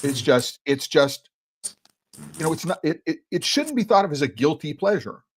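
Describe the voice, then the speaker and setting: A man's voice: fairly high pitch, expressive, moderate pace, slight background noise. Rambling man hosting a tasting chat. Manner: rambling, frequent "right?" tag questions; talks while chewing chocolate. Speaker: podcast host and chocolate educator. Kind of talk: conversational tasting commentary.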